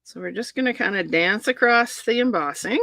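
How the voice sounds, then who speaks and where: Her medium-pitched voice is creaky and sharp, at a normal speed, captured close and dry with no room sound. This middle-aged papercraft demonstrator walks through a card-making demo live, chatty and upbeat, talking as she works.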